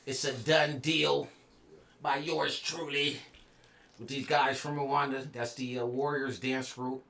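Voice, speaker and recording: A man's voice: medium pitch, a bit bright, roomy sound, a little hiss or hum. A man hosting a live stream, talking in a laid-back, slangy way. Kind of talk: casual live-stream chat.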